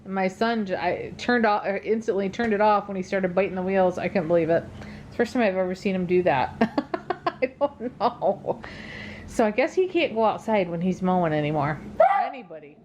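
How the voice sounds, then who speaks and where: A middle-aged woman chats to her vlog viewers from home. She sounds tired and keeps yawning. She rambles along with plenty of ums in a mid-pitched voice, with a faint noise under it. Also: expressive, moderate pace, a little mellow. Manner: chatty and rambling, many ums. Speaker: dog channel vlogger. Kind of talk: casual chat to viewers.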